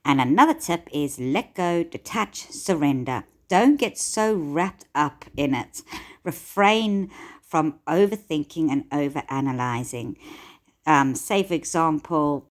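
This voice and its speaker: Low-voiced woman giving self-help advice. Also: lively intonation, slow. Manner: conversational, gently encouraging, frequent "um" fillers.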